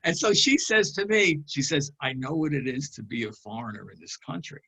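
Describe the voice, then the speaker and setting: Husky older man telling an anecdote. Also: on the high side, sing-song, pushed and bright. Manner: chuckling, unhurried storyteller. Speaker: regular panelist. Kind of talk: anecdote storytelling.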